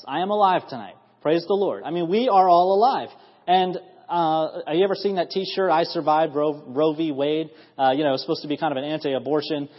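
A man's voice: on the high side, husky. A man in his thirties preaching an evening church sermon, earnest and rising to emphatic bursts of praise. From United States. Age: 30s. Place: church sanctuary. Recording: dull lo-fi audio in a reverberant church hall.

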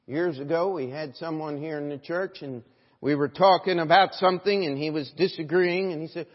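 A male pastor with a high, husky voice preaches to his congregation, dropping to quiet reflection and then building to loud, emphatic exhortation while often asking them for an "Amen?". The long reverb of the church trails behind every phrase, and the recording sounds somewhat dull. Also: lively intonation, normal speed. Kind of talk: sermon. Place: church sanctuary.

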